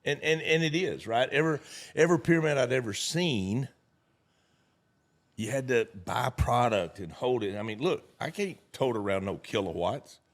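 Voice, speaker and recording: Folksy man telling animated stories. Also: medium pitch, normal speed. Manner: folksy, animated storyteller acting out quotes. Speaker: network marketing leader, guest speaker. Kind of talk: casual storytelling conversation.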